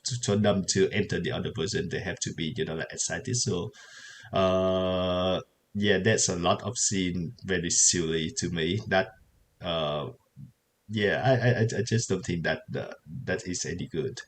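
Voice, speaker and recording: A man co-hosting a casual film podcast, halting with many fillers and short agreeing interjections. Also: low-pitched, a little hiss or hum. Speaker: podcast co-host. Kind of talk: casual film review chat.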